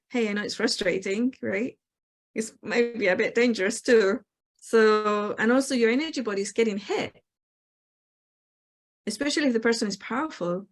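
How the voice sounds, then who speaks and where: A woman hosting a spiritual talk show, calmly explaining her ideas and acting out the replies people give. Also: on the high side. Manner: reflective, explanatory, acts out quoted replies. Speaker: host.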